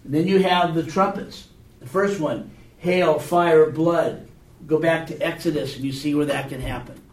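A man's voice: a little high, moderate pace. A man teaching a Bible class in a casual, conversational way, often checking in with his students through questions. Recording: echoey room, mic far off.

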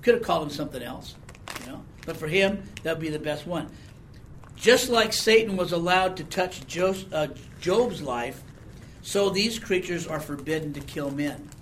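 A man with a slightly high, fairly bright voice and lively intonation preaches at a moderate pace, with slight background noise. In this Bible-teaching sermon he chats with the congregation, asking questions and often tossing in "okay?"

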